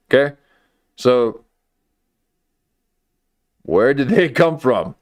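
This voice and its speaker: A man's voice: fairly low pitch, animated, takes it slowly, pauses often, dry recording. A man hosting a comedy commentary livestream, talking in a wry, rambling way with lots of fillers and restarts.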